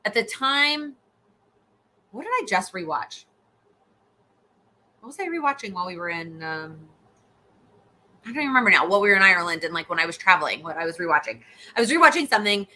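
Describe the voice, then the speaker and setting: A woman's voice: mid-range voice, big pitch swings, fairly quick, pauses often, sharp tone. A young adult woman coaching on goals, chatting casually and answering viewer questions live, with frequent restarts and fillers. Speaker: host, goal-setting coach. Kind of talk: live Q&A chat.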